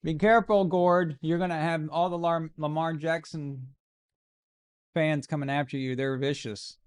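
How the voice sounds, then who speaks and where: A man hosting a live stream, reacting to a football game with jokes and excited, casual commentary. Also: a little high, moderate pace, smooth. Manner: joking, excitable, swears casually. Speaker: livestream host.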